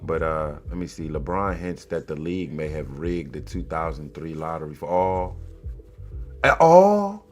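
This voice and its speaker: A man hosting a comedy commentary show, animated and mocking, swinging between loud exclamations and low mutters. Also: unhurried, faint music behind. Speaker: host.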